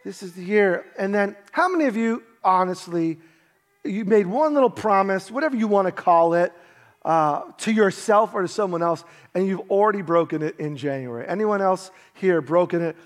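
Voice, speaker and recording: A man preaching a sermon as pastor, telling stories in an animated way and acting out the quotes he tells. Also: high voice, normal speed.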